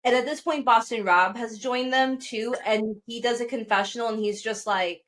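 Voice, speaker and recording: A woman's voice: fairly high pitch, normal speed. A woman co-hosting a pop culture podcast, gossiping in a casual chat and acting out what people said. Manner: animated gossiping, acts out quotes. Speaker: podcast co-host.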